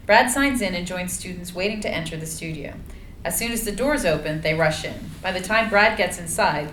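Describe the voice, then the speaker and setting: A woman's voice: on the low side, fairly bright tone. A woman narrating screenplay stage directions in a table read, matter-of-fact. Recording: echoey room, faint noise.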